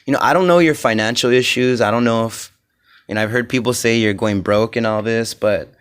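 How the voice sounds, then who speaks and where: Young dude podcasting solo, rambly and sweary, lots of "you know" and "like", gets worked up. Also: male voice, mid-range voice, a little fast, smooth. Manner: rambling, profane, many fillers; grows heated and loud. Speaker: podcast host.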